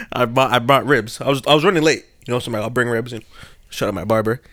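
A young man on a podcast spins a long story, laid-back and rambling, his voice leaping high whenever he laughs. The sound is dry and close, with no room around it. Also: fast talker, fairly bright tone, dry recording. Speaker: podcast host. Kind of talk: casual storytelling chat.

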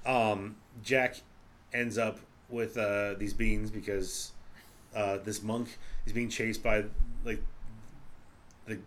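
A man's voice: on the low side, steady tone, slow pace, pauses often, fairly bright tone, slight background noise. A man co-hosting a casual movie podcast, rambling and talking with lots of fillers. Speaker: podcast co-host. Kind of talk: casual chat.

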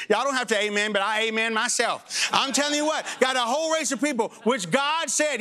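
High-voiced, impassioned middle-aged pastor preaching. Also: male voice, bright, forceful tone. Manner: impassioned preaching, swings between raised high emphatic lines and low slow drops. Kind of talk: sermon. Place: church sanctuary before a congregation.

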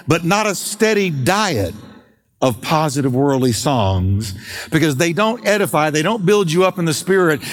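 A middle-aged man pastor preaching an emphatic sermon, slowing and stretching key words for weight. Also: high voice, long reverb tail. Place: church sanctuary.

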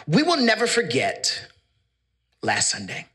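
Bright-voiced preacher man. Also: high-pitched, wildly swooping pitch, unhurried, slightly rough. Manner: paraphrases verses casually, calls for congregation responses. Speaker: pastor. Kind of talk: sermon with scripture reading.

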